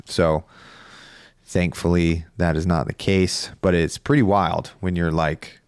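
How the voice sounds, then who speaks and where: A man's voice: deep voice, clean tone, no echo, studio quality. A man co-hosting a podcast, talking loosely and casually with some swearing, telling a long story. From Northern California. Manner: rambling storyteller, laid-back and profane. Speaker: podcast co-host. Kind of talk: casual chat.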